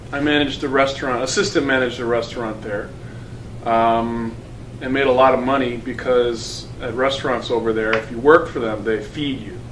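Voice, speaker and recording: A man's voice: medium pitch, fairly bright tone. A man in his thirties chats about himself in a loose, casual way, now and then stopping and restarting. He sounds set back from the mic in an echoing space, with a faint hiss behind him. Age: 30s. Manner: casual, chatty, with halting restarts. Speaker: teacher. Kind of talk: interview about his career. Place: school building. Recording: roomy and distant with faint noise.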